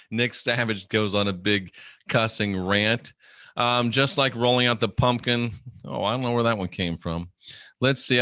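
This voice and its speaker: A man's voice: mid-range voice, pushed and bright, no room sound, studio quality. A middle-aged man hosting a livestream, reading viewer comments aloud in a blunt, profane, joking way. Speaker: livestream host reading chat. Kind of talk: casual live chat.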